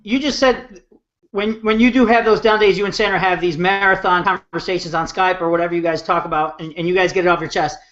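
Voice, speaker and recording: High-voiced earnest man on a call. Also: steady tone, quick pace, fairly bright tone, highs cut off. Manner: earnest, restarts sentences while searching for words. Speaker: co-host. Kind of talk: casual online hangout chat.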